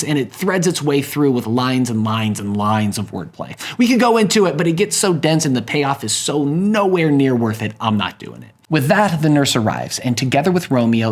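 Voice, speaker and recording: A man narrating a lesson in a casual way, with wry joking asides. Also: mid-range voice. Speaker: teacher summarizing a play.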